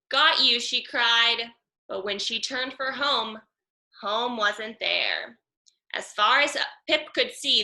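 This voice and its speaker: A woman reading a children's picture book aloud, slow and expressive, with sound effects. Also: on the high side. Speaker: storybook reader. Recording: echoey room.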